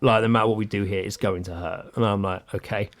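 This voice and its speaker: A man with a fairly low voice talks at a quick pace as co-host of a podcast. Chatting casually, he tells a story, acting out others' words with lots of swearing and animated energy.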